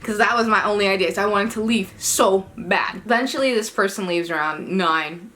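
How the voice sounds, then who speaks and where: A young woman vlogger telling a storytime at home, animated and exasperated, swearing as she acts out the dialogue herself. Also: mid-range voice, moderate pace. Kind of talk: casual storytime chat.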